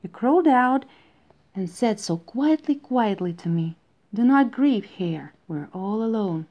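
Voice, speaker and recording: A woman's voice: mid-range voice, expressive, a little slow, highs cut off. A woman voicing a lonely, tender young male hare who tells his dream in a wistful, dreamy way. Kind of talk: storybook reading.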